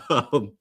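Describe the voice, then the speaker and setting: A man from Georgia co-hosting a casual sports betting podcast, joking and playful, never taking things seriously. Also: fairly bright tone. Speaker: podcast co-host.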